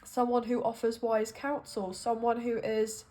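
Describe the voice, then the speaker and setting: A woman with a fairly high voice talks her way through a tarot reading at an unhurried pace. She muses and hesitates as she thinks aloud, leaning on fillers as the ideas come to her. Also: completely flat delivery, mellow. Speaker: tarot card reader. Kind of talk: intuitive tarot reading monologue.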